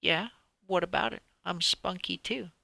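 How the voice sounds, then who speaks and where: Brief: spunky little pink girl dinosaur for a bedtime story, put on by a man, high and sharp-edged. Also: a little slow, vocal fry, dry recording, exaggerated voice. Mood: defiant, spunky. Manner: cheeky, defiant.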